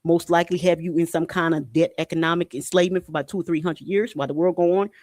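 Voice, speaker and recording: A man's voice: a little high, steady tone, fast, a little mellow, no room sound, clean studio sound. A man hosting a podcast, reading news articles aloud and commenting on them in a blunt, indignant way, swearing and repeating himself. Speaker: podcast host.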